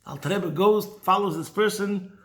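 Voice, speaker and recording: A man giving a weekly Torah talk, telling a Chassidic story in a lively way and dropping in Hebrew and Yiddish words. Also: sits high, normal speed. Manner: animated storyteller mixing in Hebrew and Yiddish terms. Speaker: teacher of Chassidic thought.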